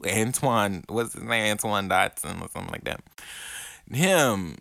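A man's voice: on the low side, animated, measured pace, vocal fry, sharp tone, dry recording, clean studio sound. A young man, ranting profanely and hurling mocking insults in a casual podcast monologue. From Alabama. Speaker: podcast host.

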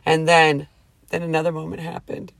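Gravelly woman telling a story. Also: low-pitched, monotone, normal speed, no echo. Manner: rambling, full of fillers and 'like'; warm and earnest storytelling. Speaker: drive-thru worker telling a story. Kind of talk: casual chat.

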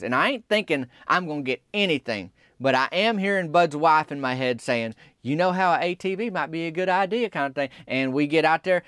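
Man, folksy deadpan storyteller, slightly high voice, dry recording. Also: clear, resonant tone, dry recording.

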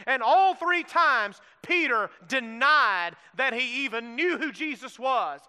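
Middle-aged guy preaching, smooth resonant voice, big echoey church sound. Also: very high voice, lively intonation, slow, hardly any pauses, pushed and bright. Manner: preaching with call-and-response asides to the congregation. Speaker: pastor. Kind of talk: sermon. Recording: long hall reverb.

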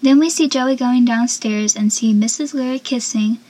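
Young woman, high voice, chatty recap commentary, laughs a lot, lively asides. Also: normal speed, low-quality recording. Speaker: vlogger recapping a TV episode.

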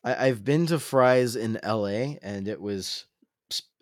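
A man's voice: lowish voice, unhurried, no echo, clean studio sound. A young man co-hosting a casual podcast chat, joking and punning. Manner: joking, punning, self-deprecating. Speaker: podcast co-host.

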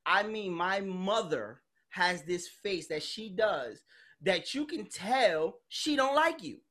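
A woman's voice: medium pitch, lively intonation, takes it slowly, a bit bright. A woman hosting a podcast, chatting casually in a blunt, emphatic way and swearing freely. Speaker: podcast host. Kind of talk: casual chat.

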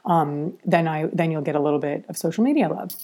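A woman's voice: sits low, a little fast, warm tone. A woman hosting a podcast in casual chat, blunt and candid, cursing freely and talking loosely with plenty of fillers. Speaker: podcast host.

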